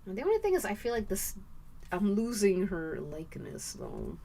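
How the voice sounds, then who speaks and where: A woman chats playfully to her viewers as she draws on a live stream. Her pitch swings widely, and she drifts into humming little tunes. A faint hum of noise sits behind her voice. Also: huge pitch swings, normal speed, dark tone. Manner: playful, chatty, thanks viewers, hums and sings little sounds. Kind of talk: casual live-stream chat while drawing.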